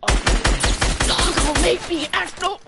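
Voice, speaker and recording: A woman's voice: extremely high pitch, extremely slow, vocal fry, over loud music. A woman giving casual gameplay commentary, playfully trash-talking an opponent. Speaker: gamer. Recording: loud background noise, gunfire.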